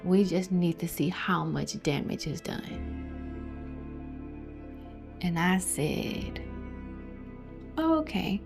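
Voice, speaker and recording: A woman's voice: lowish voice, slow pace, gravelly, long pauses. A young woman telling her own story of a hard pregnancy, emotional and dropping to near whispers at the hardest parts. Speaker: testimony speaker. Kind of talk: personal testimony storytelling. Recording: soft music behind.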